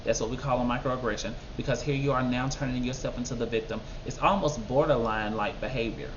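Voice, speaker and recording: A man giving casual, animated commentary on a reality show, talking back at the people on screen. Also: fast talker. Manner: animated, talks back at people on screen, mimics others in high voices. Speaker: reality TV reviewer. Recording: slightly dull lo-fi sound with faint background noise.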